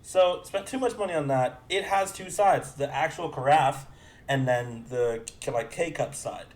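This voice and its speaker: A man's voice: a little high, measured pace, a little mellow. A young man co-hosting a podcast, telling a long, rambling story in casual chat, swearing freely and acting out both sides of a conversation. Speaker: podcast co-host.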